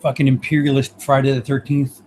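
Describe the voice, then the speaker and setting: A man's voice: medium pitch, completely flat delivery, a little fast, a little mellow, slight background noise. A man co-hosting a casual chat, trading jokes and swearing while he laughs along. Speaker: co-host.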